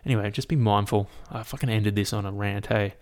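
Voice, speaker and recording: A young man hosts his own podcast solo. His voice sits a little low, and he talks in a loose, unscripted way, swearing freely and leaning on fillers as he rants and spins a silly story. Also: steady tone, a little fast, a little mellow. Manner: casual and profane, lots of fillers. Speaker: podcast host.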